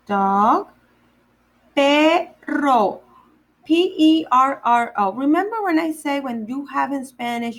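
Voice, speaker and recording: A woman's voice: high voice, a bit bright, poor audio. A woman teaching a children's Spanish vocabulary lesson, repeating each word and spelling it out letter by letter. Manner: repeats words slowly, spells them out letter by letter. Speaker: Spanish teacher for a day camp.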